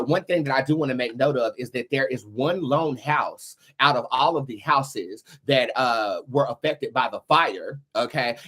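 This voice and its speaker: A man with a bright, ringing voice talks to his live stream audience in a loose, profane, conversational way. He switches into a slow, earnest prayer tone when he turns spiritual. His pitch sits in the ordinary middle for a man. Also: slightly rough. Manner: impassioned, builds to shouting, then calm prayer; casual, profane, quick asides. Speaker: tarot reader and live show host.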